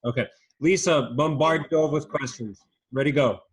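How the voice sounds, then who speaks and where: An upbeat, patient teacher running an online class for young children over a video call, firing off quick strings of questions. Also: mid-range voice, a little hiss or hum.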